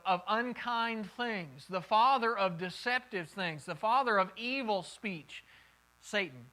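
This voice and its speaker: A man's voice: sits high, sharp tone, poor audio. A man preaching a Bible lesson in a conversational way, often repeating words as he thinks and taking questions from his listeners. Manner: takes questions from the group. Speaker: pastor teaching a Bible study. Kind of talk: sermon.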